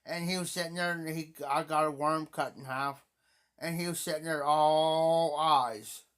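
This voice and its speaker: A man's voice: on the high side, fairly even intonation, a little slow, a bit bright, clear, resonant tone. Rambling middle-aged man telling a story. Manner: rambling, repeats himself often. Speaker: live streamer. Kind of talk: casual storytelling.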